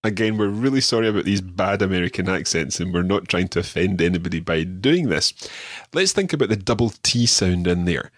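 Low husky Scottish man teaching. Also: lively intonation, brisk, dry recording, clean studio sound. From Scotland. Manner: patient, explanatory, slightly self-deprecating. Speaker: language podcast host. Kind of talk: podcast pronunciation lesson.

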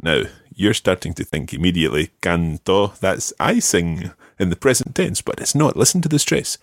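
A man's voice: low voice, big pitch swings, normal speed, no echo, clean studio sound. A man teaching Spanish one to one, patient, repeating each word for his student. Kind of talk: one-to-one language lesson.

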